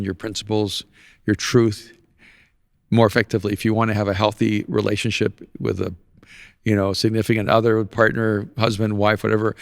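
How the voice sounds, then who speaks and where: A man's voice: lowish voice, vocal fry, dry recording, clean studio sound. A man hosting a podcast in casual conversation, telling stories with animation and laughing often at his own anecdotes. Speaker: podcast host.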